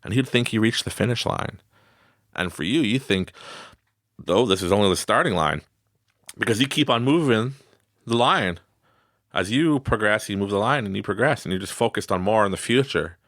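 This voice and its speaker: A podcast host talks casually about mindset, laughing a lot and acting out the people he quotes. His voice is low and gravelly with a lively, swooping pitch. The studio sound is dry and close. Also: normal speed, pauses often, dry recording. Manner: animated, laughs often, acts out quoted voices. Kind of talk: casual motivational talk.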